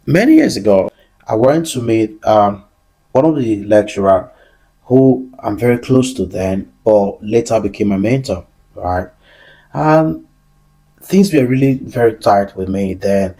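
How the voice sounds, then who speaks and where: A man's voice: lowish voice, animated, a little slow, mellow. A young man hosting a business show, telling a personal story in an earnest motivational monologue that repeats key phrases. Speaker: business podcast host.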